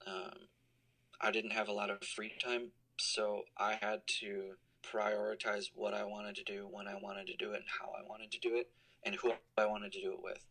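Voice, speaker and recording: A man's voice: fairly low pitch, little pitch movement, moderate pace, sharp tone, poor audio. A man in his thirties, an alumnus answering interview questions on a call, explaining things thoughtfully with many fillers. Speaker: college compliance officer, alumni guest. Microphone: call recording.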